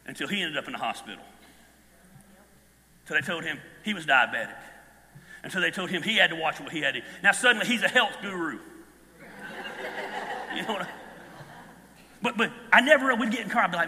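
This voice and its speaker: A fifty-something man preaches with lively, storytelling energy, breaking into shouts as he builds. His voice sits high and very bright. It rings out with a long hall reverb. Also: brisk, long pauses, slight background noise. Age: 50s. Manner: animated storytelling, bursts into shouts. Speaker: pastor. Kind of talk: sermon.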